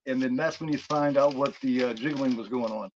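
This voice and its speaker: A man's voice: mid-range voice, fairly quick, slight background noise. A man co-hosting a film review podcast, retelling a horror movie in a rambling, casual way with many fillers. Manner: rambling, full of fillers and restarts. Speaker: podcast co-host. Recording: dull dry lo-fi recording.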